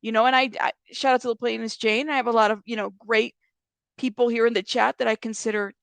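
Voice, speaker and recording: A woman's voice: fairly high pitch, level tone, quick pace, creaky, a bit bright, smooth, no room sound. A woman hosting a casual commentary channel, talking bluntly and rambling with frequent restarts and swearing. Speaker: YouTube commentary host.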